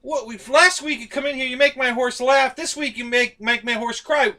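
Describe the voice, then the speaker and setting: A man's voice: very high-pitched, normal speed, sharp tone, pitched above the performer's own voice. A man voicing a baffled male bartender in a spoken joke, sputtering with rising outrage. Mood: exasperated.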